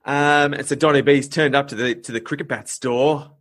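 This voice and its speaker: A man's voice: medium pitch, fairly even intonation, moderate pace, a bit bright. An Australian man hosting a podcast, telling a story in a chatty, laughing way with plenty of fillers. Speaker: podcast host. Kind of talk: casual storytelling chat.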